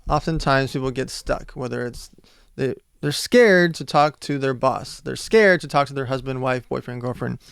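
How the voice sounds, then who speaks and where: Smooth, gravelly man asking podcast questions. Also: medium pitch, normal speed, no echo, clean studio sound. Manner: brief interjections and questions. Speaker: podcast co-host. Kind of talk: casual podcast conversation.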